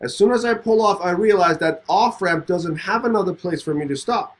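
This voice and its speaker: A man's voice: high-pitched, brisk. A man, a podcast host telling a personal story in casual conversation and acting out the voices in it. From Middle East. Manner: animated, acts out both sides of a story.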